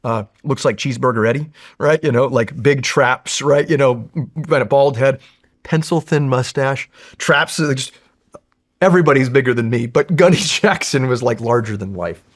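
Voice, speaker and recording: A man in his forties sits as a guest in a long-form interview, telling war stories. He talks in a loose, animated, profane way and fills his sentences with "like" and "you know." His voice sits at an ordinary middle pitch for a man. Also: moderate pace. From California. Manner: candid, profane, animated storytelling with frequent fillers. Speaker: guest, Marine veteran.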